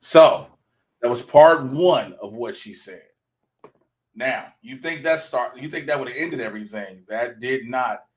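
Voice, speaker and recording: A man's voice: mid-range voice, unhurried, poor audio. Male podcast co-host, casual and offhand, swears freely, mid-range voice. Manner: loose, profane, offhand asides. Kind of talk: casual chat.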